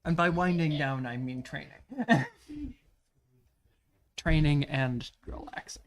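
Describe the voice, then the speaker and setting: A man's voice: on the high side, slow, a little hiss or hum. A man playing in a tabletop game, wry and thoughtful. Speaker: player. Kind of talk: casual tabletop game chat.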